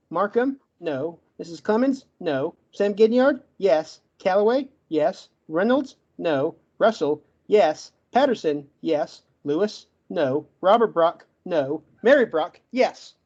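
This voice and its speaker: Highs are cut off in this recording of a high-voiced man with a darkish tone. He's a debate guest on a podcast, stuck now and then by his stutter, arguing his close in fast-listed points.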